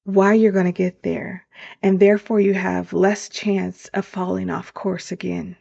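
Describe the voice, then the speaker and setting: A woman's voice: mid-range voice, flat delivery, a little slow, creaky, dark tone. A woman hosting a motivational podcast as a life coach, talking earnestly and straight to her listeners. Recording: dull lo-fi sound.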